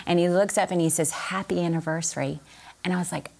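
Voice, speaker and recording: A middle-aged woman speaks as a podcast guest, earnest and full of faith as she tells her family's story. Her voice sits very low with a gravelly, creaky texture. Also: fairly even intonation, quick pace, darkish tone. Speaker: guest, author of a book on blended families. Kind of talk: faith-based podcast interview.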